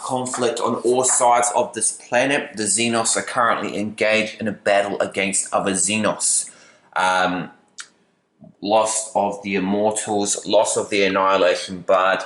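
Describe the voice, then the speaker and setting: A man's voice: lowish voice, fairly bright tone, roomy sound. Chatty man narrating a tabletop battle. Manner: casual, chatty, with playful asides. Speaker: battle report host. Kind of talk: tabletop game commentary.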